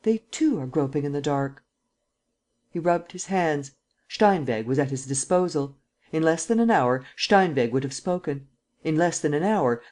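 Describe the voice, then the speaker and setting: An audiobook narrator giving a steady, even scripted narration of a classic mystery novel. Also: mid-range voice.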